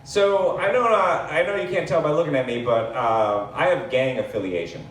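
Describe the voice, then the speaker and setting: A man doing live stand-up, telling a rambling, self-deprecating story with lots of fillers and quick asides. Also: on the high side. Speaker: stand-up comedian. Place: comedy club stage. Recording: echoey room, distant mic, faint hiss.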